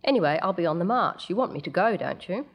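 A woman's voice: on the low side, expressive, quick pace, breathy edge. A woman reading a story, voicing an impatient, earnest teenage girl. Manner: impatient and pleading.

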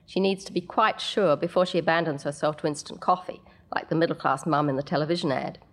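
A woman narrating a story aloud in a measured way, with the odd casual aside. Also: deep voice, fairly even intonation.

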